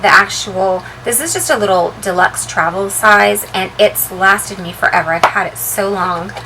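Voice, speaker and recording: Chatty woman with a bright voice. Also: medium pitch, normal speed, slight background noise, low-quality recording. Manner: chatty, relaxed, with frequent ums and uhs. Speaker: beauty and handbag vlogger. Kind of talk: casual show-and-tell vlog.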